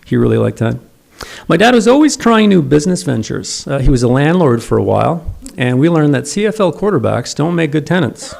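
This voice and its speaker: A man's voice: a little high, big pitch swings, a little fast, gravelly, darkish tone. A middle-aged man giving a eulogy for his father, telling wry, self-deprecating stories at a memorial service. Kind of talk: memorial eulogy with humorous anecdotes.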